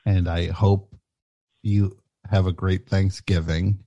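Low, dark-voiced male host. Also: level tone, dry recording, muffled recording. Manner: halting, over-apologetic, stammering. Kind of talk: comedy call-in radio.

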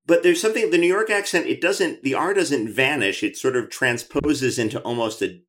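A man's voice: mid-range voice, normal speed, fairly bright tone. A man hosting an interview show, talking in a chatty, enthusiastic way with frequent restarts. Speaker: podcast host. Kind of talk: conversational interview.

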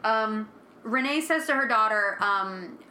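A woman's voice: fairly high pitch, animated, unhurried, sharp tone, roomy sound, a little hiss or hum. A woman podcast co-host in casual chat, recapping a TV episode, swearing freely and acting out characters' lines.

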